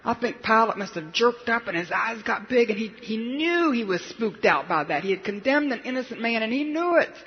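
A man's voice: very high-pitched, expressive, brisk, hardly any pauses, slight background noise. A male preacher telling stories in a sermon, dramatic and acting out the people he quotes. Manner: dramatic storyteller, acts out quotes. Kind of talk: sermon storytelling. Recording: dull lo-fi hall recording.

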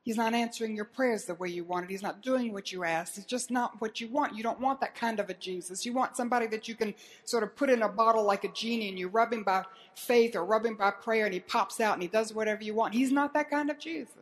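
Woman preaching, earnest, keeps asking the crowd questions, voice a bit on the high side. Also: fast talker, hardly any pauses. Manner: earnest, rhetorical questions to the audience, dramatic retelling. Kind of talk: sermon.

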